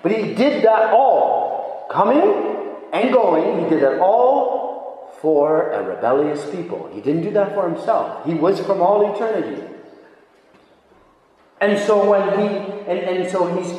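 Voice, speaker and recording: Man preacher with a very high voice and slow, emphatic delivery, recorded from afar in a reverberant church hall. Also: expressive, a little mellow. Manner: emphatic, asks rhetorical questions and repeats phrases. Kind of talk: sermon. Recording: echoey hall, voice far from mic.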